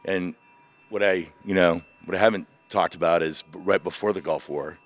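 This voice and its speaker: Low-voiced man in his fifties telling stories. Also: moderate pace. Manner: animated, vivid retelling of past events. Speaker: podcast guest, military veteran. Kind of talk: candid personal storytelling.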